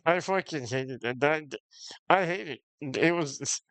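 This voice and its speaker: A man's voice: fairly high pitch, measured pace, a bit bright, smooth, dry recording. A man streaming games, ranting casually to his chat, swearing often, frustrated, and breaking into short laughs. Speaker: game streamer.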